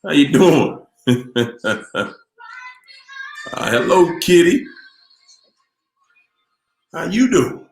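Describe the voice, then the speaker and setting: A man's voice: a little high, animated, extremely slow, creaky, pauses often. A tired middle-aged man hosting a casual live stream, laid-back as he greets chat viewers by name. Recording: roomy echo with faint music.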